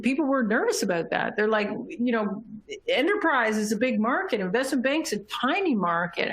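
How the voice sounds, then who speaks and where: A middle-aged woman giving a conference keynote, telling a business story in a lively way, laughing often and acting out the people she quotes. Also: mid-range voice, creaky. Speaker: keynote speaker.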